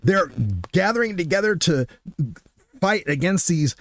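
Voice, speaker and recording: A man hosting a casual solo podcast, telling stories in an animated way and acting out what people said. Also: high-pitched, a little slow, dry recording, faint music behind. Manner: animated storyteller who acts out quotes. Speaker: podcast host.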